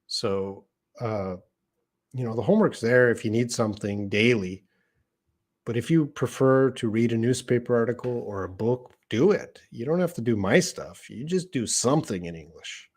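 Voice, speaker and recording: Speaking at an ordinary pace in a medium pitch, this middle-aged man runs a live English lesson. He keeps it relaxed and chatty, reading out each viewer's question in turn before answering it.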